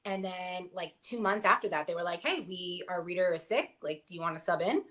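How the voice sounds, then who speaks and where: A woman's voice: lowish voice, a little fast, over a noisy crowd. A young adult woman talking candidly about her acting work as a guest on a review show, in a casual, filler-heavy way. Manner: candid and chatty, with many fillers. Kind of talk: casual chat.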